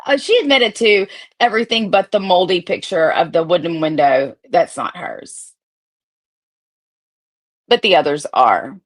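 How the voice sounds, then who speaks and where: A woman's voice: lowish voice, expressive, measured pace, pauses often. Profane, sarcastic woman ranting. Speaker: streamer reading her old text messages. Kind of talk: casual ranting commentary.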